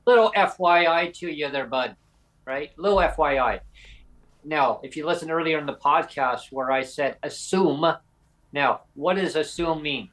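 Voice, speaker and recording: A man's voice: fairly high pitch, moderate pace, a bit bright, poor audio. A man co-hosting a podcast, talking combatively and directly to a critic he calls "bud". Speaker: podcast co-host. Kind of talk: podcast discussion.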